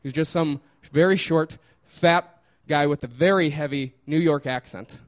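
A man's voice: a little high, moderate pace. A man casually telling a personal story, laughing often and trailing off with fillers.

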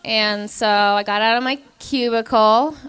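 A woman comedian telling a stand-up story in an animated, self-mocking way, acting out the people she quotes. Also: fairly high pitch, unhurried, clean tone.

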